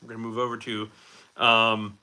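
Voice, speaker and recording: In a fairly low, monotone voice with a sharp edge, a livestream host answers chat at a moderate pace. He's rambling and chatty, peppering his speech with fillers and self-mocking jokes.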